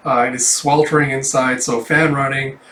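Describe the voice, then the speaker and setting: A man's voice: medium pitch, level tone, moderate pace, pushed and bright, a little hiss or hum. A man reading a comic aloud at home and chatting casually, with loose, rambling speech full of fillers. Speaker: comic reader and commentator. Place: room at home. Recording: roomy, distant mic.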